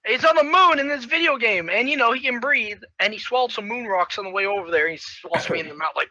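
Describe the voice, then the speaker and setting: Slangy high-voiced young man recapping a movie. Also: fairly quick, no echo, dull audio. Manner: slangy, rambling, profane, animated. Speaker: video host.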